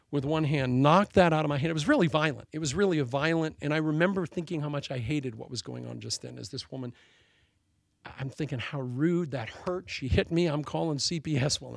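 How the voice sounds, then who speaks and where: A man preaching a sermon as pastor, telling a story with animated delivery and laughing at his own jokes. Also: a little high, gravelly, no room sound.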